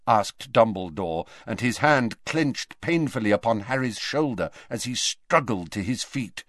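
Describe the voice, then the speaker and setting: A man narrating a fantasy novel in an expressive, dramatic reading. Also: medium pitch, unhurried, hardly any pauses, no room sound, studio quality. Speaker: audiobook narrator.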